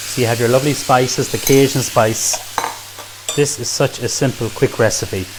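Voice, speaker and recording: With a medium-pitched voice, fairly even intonation and a moderate pace, an Irish cook talks enthusiastically through a recipe in his kitchen, heaping praise on the food. The background is noisy.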